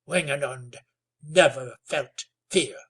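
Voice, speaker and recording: A man voicing an old Delaware chief who speaks in a calm, dignified, sonorous way. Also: medium pitch, takes it slowly, slightly rough. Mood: proud.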